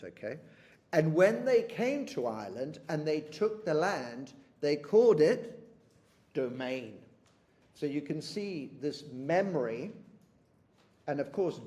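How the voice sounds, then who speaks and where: A man teaching a poetry lesson. He talks to his students and keeps asking "isn't it?", and he reads the quoted lines slowly. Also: medium pitch, warm tone. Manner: rhetorical tag questions.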